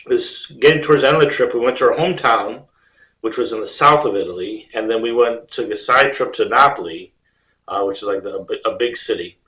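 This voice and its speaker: A man's voice: medium pitch, fairly bright tone, far from the mic. Laid-back guy from ohio rambling through a story, kinda echoey, sits back from the mic. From Ohio, United States. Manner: rambling, easygoing, many fillers and restarts. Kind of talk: casual spoken personal story. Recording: roomy sound, speaker off mic.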